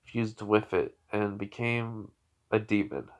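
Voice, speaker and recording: A young man voicing a weary young male ninja who speaks quietly, low and drained. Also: fairly even intonation, slow.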